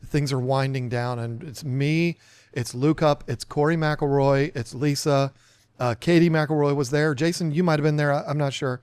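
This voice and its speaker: Animated storytelling man, higher voice. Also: normal speed, clear, resonant tone, dry recording. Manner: animated storyteller, acts out dialogue; self-deprecating. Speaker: podcast co-host. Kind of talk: casual podcast chat.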